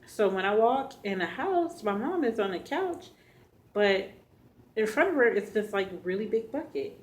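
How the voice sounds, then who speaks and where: A woman vlogger telling a personal story to her viewers, earnest and halting, speaking straight to them. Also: medium pitch, lively intonation, rough recording. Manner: earnest, addresses viewers directly; halting, emotional retelling.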